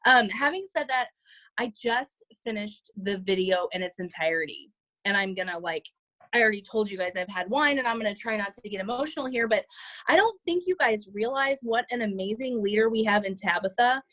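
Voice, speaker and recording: A woman on a group call, holding back tears and rambling warmly with many fillers. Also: medium pitch, lively intonation, brisk, dry recording, poor audio. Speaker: team member on a group call. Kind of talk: emotional tribute on a group call.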